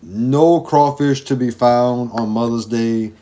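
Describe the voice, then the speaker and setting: Man, podcast co-host, medium pitch, relaxed storytelling, casual slang, casual chat. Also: slow pace.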